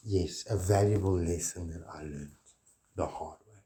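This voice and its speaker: Male lead, slow low-voiced rambling preacher type, grandiose, foul-mouthed. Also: warm tone, slight background noise. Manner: preachy, grandiose, swears often. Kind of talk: rambling monologue.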